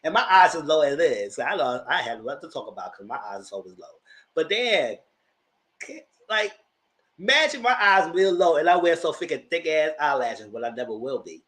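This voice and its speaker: With a slightly high, sing-song and somewhat bright voice at normal speed, a reality TV commentator reviews a show live. He's casual and sassy, uses slang, and acts out what the cast members say.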